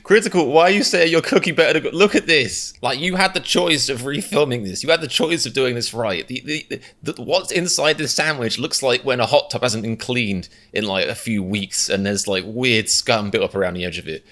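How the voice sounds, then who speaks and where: A man's voice: mid-range voice, normal speed, hardly any pauses, fairly bright tone. A man giving sarcastic, self-mocking comedic commentary as he reacts to a video.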